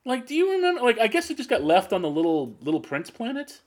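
A man's voice: very high voice, quick pace. A man chatting casually about movies, rambling with lots of restarts. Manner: rambling, animated, restarts a lot. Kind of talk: casual chat.

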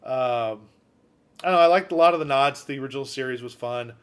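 A man co-hosting a podcast in casual chat, profane and retelling scenes with quick quotes. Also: mid-range voice, clean tone.

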